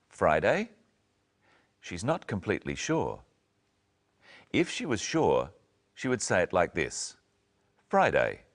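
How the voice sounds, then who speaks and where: A man with a deep voice presents an English lesson. His speech moves up and down expressively as he carefully models each phrase. The delivery is slow and deliberate. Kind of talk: slow, clear teaching narration.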